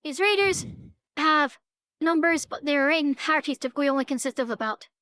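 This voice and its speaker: A woman playing a tabletop game, talking through plans in an analytical, measured way. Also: high-pitched, pushed and bright, dry recording, clean studio sound. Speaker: player.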